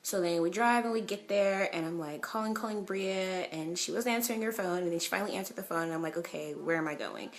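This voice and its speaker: A young woman from California telling an excited, chatty storytime vlog, swearing freely and saying "like" a lot. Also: mid-range voice, fast talker, hardly any pauses. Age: young adult. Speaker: vlogger.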